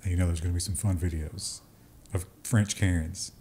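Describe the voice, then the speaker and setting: A man's voice: low-pitched, fairly even intonation, a little fast, mellow, slight background noise. A man co-hosting a casual tech news show, chatty and joking, often slipping into mocking voices. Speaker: co-host.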